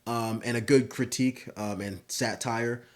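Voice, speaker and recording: A man's voice: mid-range voice, fairly even intonation, normal speed. A young man giving a casual comedic commentary, rambling with lots of fillers and swearing, speaking into a home microphone. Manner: rambling, filler-heavy, profane. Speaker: YouTube commentator.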